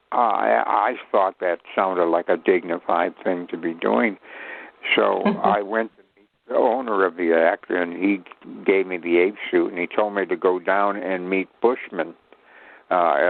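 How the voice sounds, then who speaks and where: An old man from Chicago spins long, digressive anecdotes with a dry, self-mocking humor. His voice sits low and carries a heavy gravelly fry. It comes through a thin, tinny phone line. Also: steady tone, a little slow. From Chicago, USA. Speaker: guest, actor. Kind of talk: rambling anecdotal storytelling.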